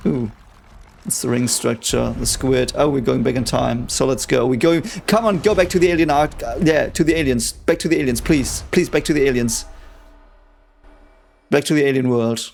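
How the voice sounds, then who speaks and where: A young man reacting to a sci-fi series episode in casual commentary, excitable and swearing a lot. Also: medium pitch, moderate pace, vocal fry, a little hiss or hum. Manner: excitable, swears a lot, talks over the show. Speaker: reaction video host.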